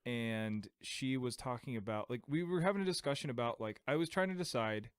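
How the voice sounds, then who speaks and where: A man's voice: medium pitch, fairly quick, clear, resonant tone, no room sound, clean studio sound. A young adult man co-hosting a podcast in casual chat, rambling and laughing as he tells a story. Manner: rambling, laughs often, tries out silly accents. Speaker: podcast co-host.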